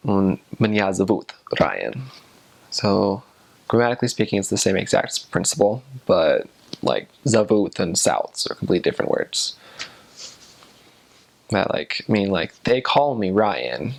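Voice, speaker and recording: A young man talks loosely to the camera in a rambling way, hedging often as he explains. His voice sits a little low and has plenty of gravelly vocal fry. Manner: loose, rambling talk full of hedges. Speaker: returned missionary.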